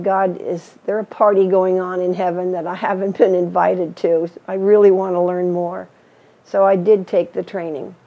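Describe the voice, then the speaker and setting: A woman's voice: medium pitch, muffled recording. An older woman telling her personal faith story in an earnest, storytelling way, acting out the voices she quotes. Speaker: missionary teacher. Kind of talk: personal testimony.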